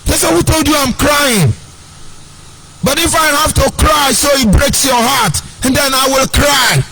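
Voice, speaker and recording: Nigerian man, very high voice, preachy sing-song broadcaster rant. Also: unhurried, creaky, pushed and bright. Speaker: online broadcaster. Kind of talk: impassioned political monologue.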